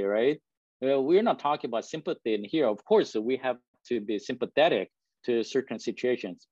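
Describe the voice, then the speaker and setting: A man whose first language is not English gives a talk to a live audience as a guest speaker. His pitch sits in a middle range, and he keeps it conversational by often asking "right?" to check in. The recording is dry and slightly dull. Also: darkish tone, no room sound. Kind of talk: presentation to an audience.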